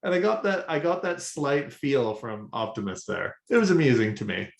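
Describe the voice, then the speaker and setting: A man's voice: mid-range voice, lively intonation, moderate pace, gravelly. A man co-hosting a casual podcast, laughing often and quoting cartoon lines. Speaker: podcast co-host. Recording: roomy echo.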